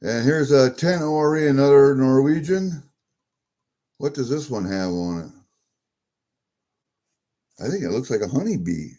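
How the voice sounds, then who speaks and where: With a warm, mid-range voice and lively intonation, this man takes his time and pauses often. He's a coin-collecting vlogger casually unboxing a fresh package, chatty and easily pleased as he walks through each coin and mutters to himself.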